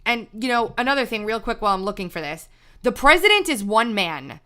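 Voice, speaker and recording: A woman's voice: fairly high pitch, sing-song, a little fast, pushed and bright. A woman hosting a news commentary livestream, talking emphatically in a ranting way with frequent restarts. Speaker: political commentary host.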